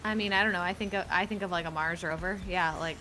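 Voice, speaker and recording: A woman co-streaming a game, chatting casually in a soft-spoken, hesitant way that often trails off. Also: fairly low pitch, fairly even intonation, quick pace, a little hiss or hum. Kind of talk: casual gameplay chat.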